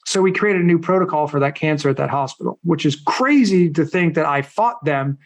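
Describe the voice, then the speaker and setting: Animated man telling his story. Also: on the high side, brisk. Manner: animated, acts out quoted people; blunt, swears casually. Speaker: podcast guest, coach. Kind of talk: casual storytelling.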